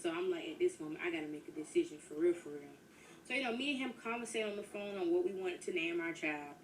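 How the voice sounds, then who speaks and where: A woman's voice: mid-range voice, lively intonation, quick pace, vocal fry. A woman telling a personal story in casual storytime narration, chatty and talking straight to her listeners. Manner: chatty, addresses listeners as y'all. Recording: distant mic with faint noise.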